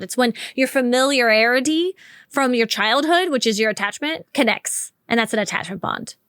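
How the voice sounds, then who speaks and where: A woman hosts an advice podcast in a direct, conversational way and draws out key words slowly for emphasis. Her voice sits a little high. The sound is dry and close, with no room around it. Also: no room sound. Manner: warm, direct, conversational with slow emphatic stretches. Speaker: podcast host. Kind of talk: solo podcast advice talk.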